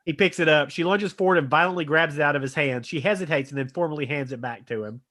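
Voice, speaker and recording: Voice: mid-range voice, fast talker, fairly bright tone. A person reading the stage directions aloud in a plain, matter-of-fact way.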